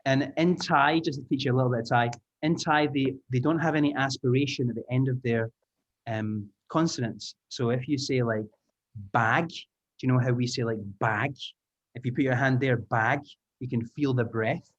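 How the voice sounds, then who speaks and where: A man's voice: mid-range voice, steady tone, a little fast. Upbeat male trainer on a muffled call. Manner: upbeat, encouraging, explains step by step. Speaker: English teaching trainer. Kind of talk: online taster class. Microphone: video call. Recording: muffled video-call audio.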